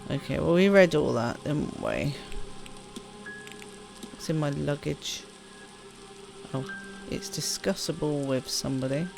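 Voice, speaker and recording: Woman streamer reading game text out loud, gravelly voice, game music in the back. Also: low voice, very animated, unhurried, pauses often. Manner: chatty, reads game text aloud, self-deprecating. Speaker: gaming streamer. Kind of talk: casual let's-play commentary. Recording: voice over clear game music.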